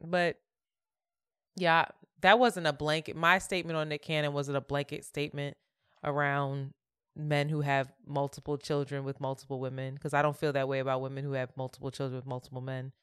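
A woman's voice: low voice, flat delivery, brisk, fairly bright tone, clean tone, no echo, clean studio sound. A woman co-hosting a podcast, candid and reflective in casual chat, laughing easily. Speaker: podcast co-host.

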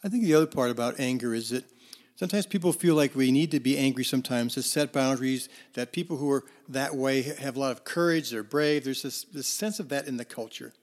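A man's voice: medium pitch, brisk. A male counselor telling parables in a conversational talk, with fillers and restarts. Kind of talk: storytelling talk on forgiveness.

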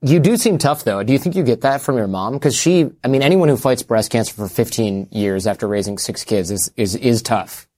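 A man interviewing a guest in a relaxed, curious way, with a chatty delivery full of filler words. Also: medium pitch, a little fast, hardly any pauses. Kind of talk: casual interview conversation.

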